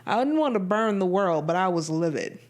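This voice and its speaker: A woman vlogger giving a casual, animated movie review, emphatic and swinging between excited high bursts and low, flat drops. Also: a little fast.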